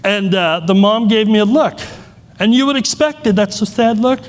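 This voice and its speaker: Man, middle-aged, high-pitched, candid self-deprecating storyteller, keynote speaker. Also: normal speed, big-room sound.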